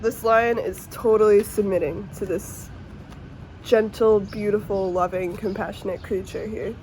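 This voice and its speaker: A woman's voice: mid-range voice, fairly even intonation, measured pace, a little mellow, a little hiss or hum. A woman giving a casual, emotional tarot reading to her viewers, earnest and swearing now and then, at times close to tears. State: tearful at times. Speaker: tarot reader.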